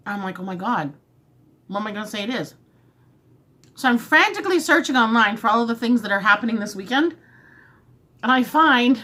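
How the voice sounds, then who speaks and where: A woman vlogger casually telling a long story while eating, chatty and animated, often acting out what she and others said. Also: medium pitch, brisk, long pauses.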